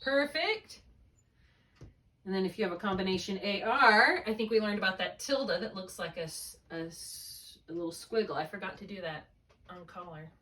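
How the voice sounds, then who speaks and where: A woman's voice: mid-range voice, moderate pace, a bit bright, distant mic. A woman tutoring a student one on one, explaining spelling rules patiently step by step and checking often that it makes sense. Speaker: reading tutor.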